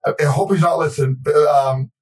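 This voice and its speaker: Male host, casual chat, halting, slightly higher voice, distant mic. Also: a little mellow. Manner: hesitant, chuckling.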